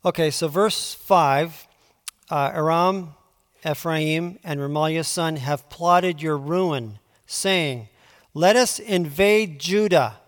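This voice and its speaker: A man preaching a conversational Bible teaching, moving between quiet asides and emphatic pleading. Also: on the high side, slow. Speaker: pastor. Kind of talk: sermon. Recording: long hall reverb.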